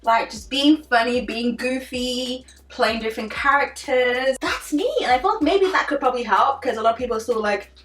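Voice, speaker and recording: A young woman talks through a casual vlog in a loose, animated way, filling her sentences with "like." She sits a little back from the mic in a roomy space, and faint music plays underneath. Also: a little high, moderate pace, few pauses, recorded from a distance. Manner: chatty and animated, frequent "like" fillers. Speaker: beauty vlogger. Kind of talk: casual chit-chat vlog.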